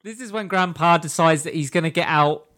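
A man's voice: a little high, brisk, fairly bright tone. A man co-hosting a casual podcast, recapping episodes, swearing and laughing often. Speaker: podcast co-host.

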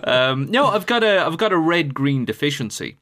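A man's voice: on the high side, very animated, normal speed, a bit bright. An Irish man in casual chat, telling anecdotes and laughing a lot.

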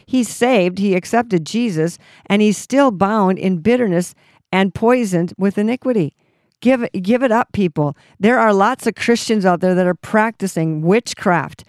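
A woman's voice: mid-range voice, moderate pace, darkish tone, no room sound, studio quality. Fervent woman teaching scripture. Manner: fervent, repetitive restarts, exhorting. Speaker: ministry leader and Bible teacher. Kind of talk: Christian teaching talk.

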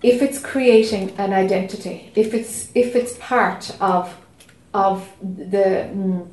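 A woman's voice: medium pitch, slow, echoey room, low-quality recording. A woman teaching at a spiritual retreat, listening closely and answering in a reflective, affirming way. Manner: attentive, steady affirming, reflective. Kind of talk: teaching dialogue.

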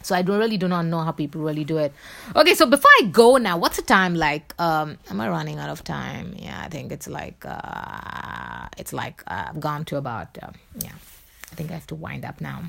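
A woman from India with a Bombay accent hosts her own podcast, speaking alone and at length. Her voice sits a little low for a woman. She talks insistently and with emphasis, leaning on "you know" again and again. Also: big pitch swings, moderate pace, vocal fry, a bit bright. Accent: Bombay Indian English. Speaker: podcast host. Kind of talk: solo podcast monologue.

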